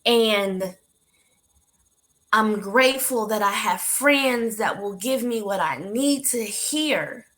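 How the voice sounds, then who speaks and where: A woman hosting a talk show for women, telling a personal story in an animated, heartfelt way and speaking to her listeners directly. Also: mid-range voice, slow. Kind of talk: candid motivational storytelling.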